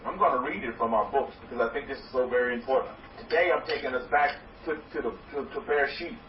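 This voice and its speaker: A man preaching as a rabbi to a congregation, loud and excited, repeating phrases for emphasis. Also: medium pitch, fast talker. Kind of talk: energetic sermon to a congregation. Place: hall with congregation. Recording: roomy, distant, dull lo-fi recording with faint noise.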